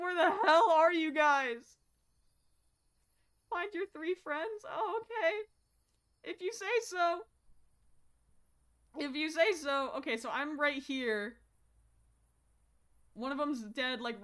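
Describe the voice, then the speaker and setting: A young woman streaming horror games, jumpy and profane, swinging from low muttering to sudden shouts. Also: slow, long pauses. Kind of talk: live-stream gameplay commentary.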